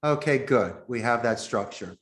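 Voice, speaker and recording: A man's voice: medium pitch, animated, normal speed, a bit bright. Guy teaching phone sales on a podcast, acts out the calls, regular mid voice. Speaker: call center founder, podcast guest.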